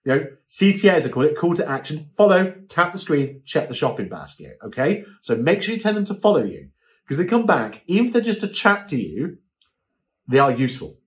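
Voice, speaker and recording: Lively British man coaching casually. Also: a little high, a little fast. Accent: British English. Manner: chatty, animated, acts out quoted voices. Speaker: live-selling coach. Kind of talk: casual instructional talk.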